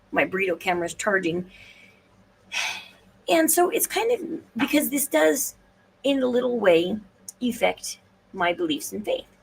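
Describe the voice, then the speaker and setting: A woman talks casually to her stream, wandering through her thoughts and often restarting sentences. Her voice has a gravelly fry to it. She sits some way from the mic, with faint noise in the background. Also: mid-range voice, far from the mic, low-quality recording. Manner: rambling, hesitant, restarts and fillers. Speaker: podcast host. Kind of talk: casual solo livestream talk.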